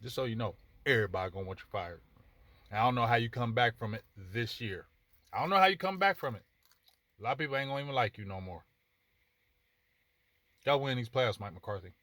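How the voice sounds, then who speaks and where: A man hosts a sports talk show, pleading and repeating himself with emphatic passion. His voice is bright and tense, recorded dry with no room echo. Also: medium pitch, animated, quick pace, pauses often. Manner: passionate, emphatic, repetitive, addresses people directly. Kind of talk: casual sports commentary monologue.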